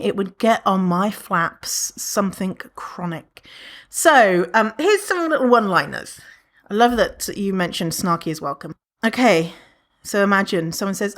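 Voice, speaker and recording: A woman's voice: medium pitch, fairly bright tone. A woman hosting her podcast in a casual, playful way, often acting out other people's remarks in mock voices. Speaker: podcast host. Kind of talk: casual solo podcast chat.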